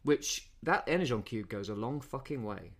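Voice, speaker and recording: A man's voice: mid-range voice, lively intonation, normal speed. Man recapping a film, rambling. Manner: rambling recap, many repeated words. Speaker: podcast co-host. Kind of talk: casual film review chat.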